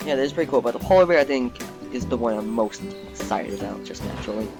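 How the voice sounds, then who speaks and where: A young man giving casual, rambling commentary while playing a zoo game, getting excited easily. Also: mid-range voice, fast. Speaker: gaming YouTuber. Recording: background game music.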